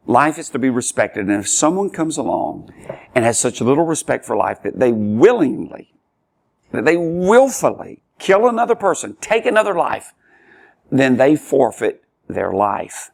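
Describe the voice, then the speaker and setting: A man leads a Bible study in a teaching sermon style. His voice sits at an ordinary pitch but moves a lot, climbing high on emphatic words. He speaks in short, repeated phrases with the odd filler. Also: creaky. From Tennessee, US. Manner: emphatic, rises and falls sharply when reading scripture aloud.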